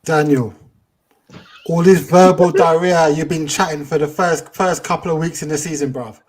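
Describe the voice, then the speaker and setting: A man calling in to a football fan show, mocking the host in rapid slang. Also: on the high side, fairly even intonation. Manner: mocking, rapid slang-heavy trash talk. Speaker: caller. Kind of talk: heated fan phone-in rant.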